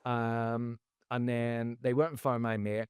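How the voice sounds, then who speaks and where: Man, comedy guest, lively storyteller; dry close sound, mid-pitched voice. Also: takes it slowly, clean tone, no echo. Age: adult, former teacher. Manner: animated, jumps into loud high voices for quoted people. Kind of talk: casual storytelling.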